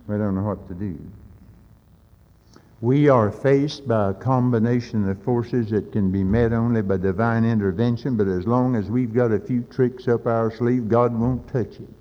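A man preaches with fervent urgency, climbing to loud, pleading peaks and then dropping into dry, folksy asides. His voice comes through an old, dull-sounding recording. A long reverb from a large hall trails after each phrase. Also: lowish voice. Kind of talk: sermon.

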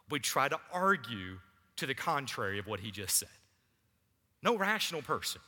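Animated pastor in a hall. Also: male voice, medium pitch, moderate pace, breathy edge. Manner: animated preaching with audience asides. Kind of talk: sermon. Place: church sanctuary. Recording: long church hall reverb.

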